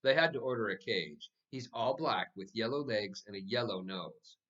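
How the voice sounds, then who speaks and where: A man voicing an eager, insistent little boy of about five with an excitable, sing-song way of talking. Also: on the low side, moderate pace, lo-fi sound, close to an everyday voice.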